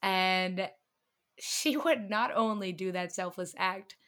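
A woman's voice: medium pitch, takes it slowly, a bit bright. A young woman from the northern US co-hosting a podcast in casual chat, chatty and self-deprecating, laughing often. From northern United States. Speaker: podcast co-host.

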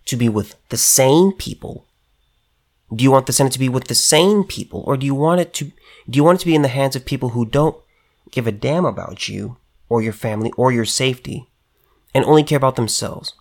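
A man delivering an impassioned political rant straight to his viewers, emphatic, stumbling over restarts and repeating himself. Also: medium pitch. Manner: emphatic, repetitive, stammering restarts, addresses viewers directly. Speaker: political commentator.

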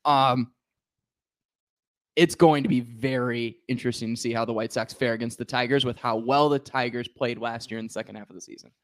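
A man's voice: medium pitch, steady tone, brisk. A man hosting a casual sports podcast, making his points at length and with emphasis. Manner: talkative, emphatic, lays out numbered points.

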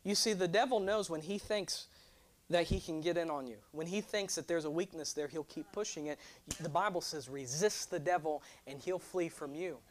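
A young man preaching a sermon, animated and joking, drawing responses from his congregation. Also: a little high, normal speed. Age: 20s. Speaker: pastor.

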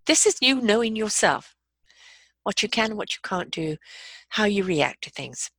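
A middle-aged woman telling a personal story and giving calm, earnest life advice. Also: medium pitch, normal speed, no room sound. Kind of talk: motivational talk with personal story.

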